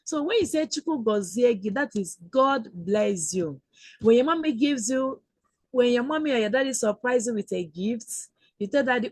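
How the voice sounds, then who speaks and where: A woman teaching an online language lesson, speaking slowly and patiently and repeating words for learners. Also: a little high, expressive, no echo. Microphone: video call.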